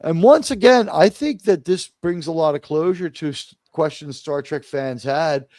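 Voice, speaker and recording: Hosting a live review show on a stream, a man with a fairly high, darkish voice chats casually at a moderate pace. He rambles, restarts often, uses lots of fillers, and mimics others in mock voices. The sound is studio quality with no room sound.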